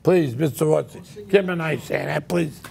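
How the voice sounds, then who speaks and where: Gravelly brash New man. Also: fairly high pitch, normal speed, very noisy. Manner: brash joking storyteller. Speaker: talk show host. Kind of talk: casual chat.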